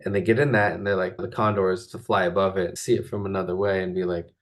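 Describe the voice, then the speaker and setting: A man's voice: low voice, level tone, quick pace. A man hosting a casual spiritual talk, rambling loosely and filling his speech with "like". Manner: rambling, filler-heavy, full of "like". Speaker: spiritual coach and host.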